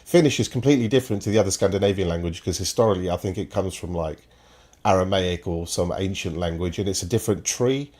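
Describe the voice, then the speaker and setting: Low-voiced, rambling football pundit man. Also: quick pace, a little mellow. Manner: enthusiastic, rambling, emphatic. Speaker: football podcast host. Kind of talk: opinionated football talk.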